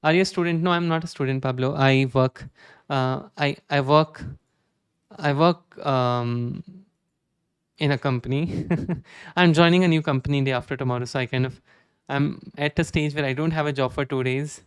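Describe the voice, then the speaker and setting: A man's voice: mid-range voice, fairly even intonation, normal speed, smooth, no echo, studio quality. A man in his twenties chatting casually with viewers during a live coding stream, self-deprecating and often restarting his sentences. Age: 20s.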